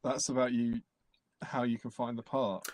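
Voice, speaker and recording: A man's voice: medium pitch, little pitch movement, moderate pace, no room sound. A man, co-hosting a livestream in a playful, joking manner. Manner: playful, laughs easily. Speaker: stream co-host. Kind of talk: casual chat.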